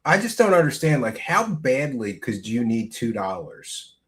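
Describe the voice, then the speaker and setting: A man's voice: medium pitch, sing-song, a little slow. A man hosting a loose livestream talks in a mid-range voice, trading laughs and crude, mocking asides. His delivery is casual and rambling. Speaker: show host.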